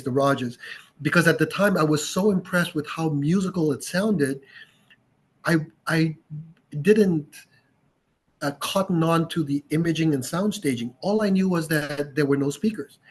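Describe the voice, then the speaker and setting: A man from Canada, a guest on a podcast, calmly recalling how he first got into audio equipment. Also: a little high, normal speed, husky. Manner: reflective, thoughtful explanations. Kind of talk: casual interview chat.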